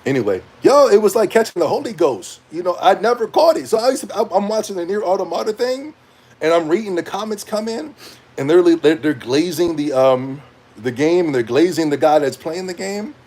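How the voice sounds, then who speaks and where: A young man rants casually to camera in a fairly high voice, wandering from point to point. He talks in loose slang and breaks into laughter often. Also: lively intonation, fairly quick, a little mellow. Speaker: gaming commentator.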